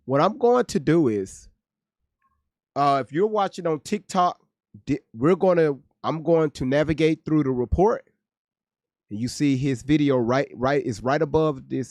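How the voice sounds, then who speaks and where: A man's voice: fairly high pitch, unhurried, a little mellow, no room sound, clean studio sound. A man hosting a casual livestream, joking and cursing as he reads viewers' chat aloud. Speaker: livestream host reacting to news.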